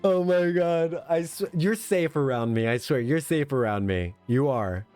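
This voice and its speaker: A man streaming a game, chatting in an excitable, rambling, self-mocking way from a home setup. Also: medium pitch, normal speed, faint music behind. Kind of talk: casual game stream commentary.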